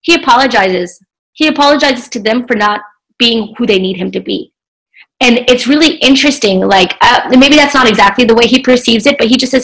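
A young adult woman talking as a guest in a casual podcast interview, chatty and animated, with many filler likes. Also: fairly high pitch, brisk, low-quality recording. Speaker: podcast guest, social media entrepreneur.

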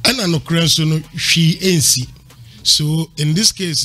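A man's voice: a little high, measured pace, bright, forceful tone, soft background music. A man making an emphatic argument on a panel, lecturing and repeating his points for emphasis while mixing Twi and English. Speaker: panel commentator.

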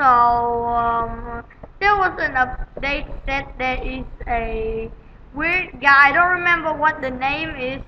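A woman giving rambling, excitable gameplay commentary on a dull lo-fi home recording, with sudden loud outbursts. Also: high-pitched, slight background noise. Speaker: gaming channel host.

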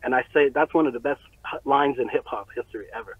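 Man, interview guest, casual storytelling, profane, animated, tinny phone-like sound. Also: medium pitch, fast talker, breathy edge, dry recording. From Montreal. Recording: tinny phone-like line, very dry.

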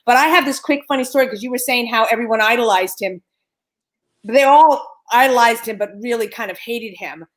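A woman's voice: a little high, a little fast. A woman and former cast member sharing reflective stories in a reunion video call.

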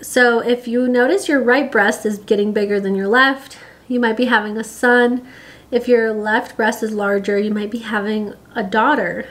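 A woman's voice: on the high side, steady tone, normal speed, fairly bright tone. A pregnant young woman talking casually to camera, chatty and giggly, with lots of fillers. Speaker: vlogger.

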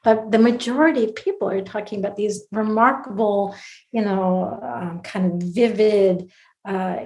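A woman's voice: medium pitch, a little mellow, poor audio. A middle-aged woman talking reflectively in a casual interview, laughing often as she shares personal stories. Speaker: guest, near-death researcher.

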